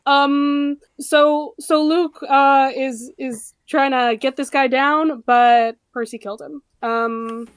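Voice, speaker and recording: A woman's voice: sits high, fairly even intonation, slow, hardly any pauses, no room sound. A woman co-hosting a podcast, chatting enthusiastically with frequent fillers and swearing. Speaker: podcast co-host. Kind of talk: casual chat.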